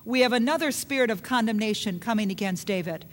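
Woman preaching a sermon, chatty, reads bible bits then explains them, voice a little high. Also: fast talker, few pauses. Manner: conversational, asks the listeners questions; reads scripture aloud, then retells it.

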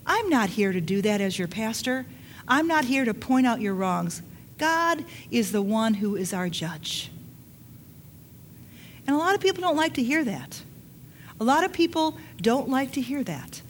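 A woman's voice: on the high side, sing-song, unhurried, a little hiss or hum. A woman pastor preaching a sermon in an earnest, repetitive way, with bursts of laughter.

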